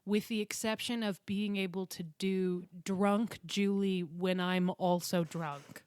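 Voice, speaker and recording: A woman co-hosting a podcast, telling stories in an animated, casual way and swearing freely. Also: medium pitch, slow pace, smooth, dry recording. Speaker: podcast co-host. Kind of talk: casual chat.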